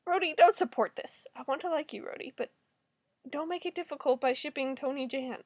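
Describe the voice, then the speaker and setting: A young woman reading her own liveblog aloud, ranting in exasperation and swearing loudly. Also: high-pitched, brisk, no room sound.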